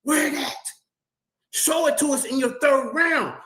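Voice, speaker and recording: Fiery high-voiced man debating. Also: a little slow, pushed and bright, roomy sound, rough recording. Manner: fiery, preacher-like, repeats words when stuck. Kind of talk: heated debate rebuttal.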